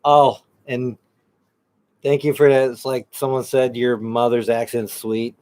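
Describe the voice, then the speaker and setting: A man's voice: medium pitch, level tone, a little slow, a little mellow. A man co-hosting a paranormal show in loose, rambling chat, laughing often and swearing casually. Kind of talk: casual live-stream chat.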